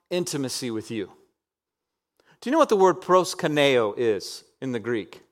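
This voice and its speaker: A man in his thirties preaching a sermon, swinging from loud emphatic peaks down to soft, near-whispered passages. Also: medium pitch, very animated, moderate pace.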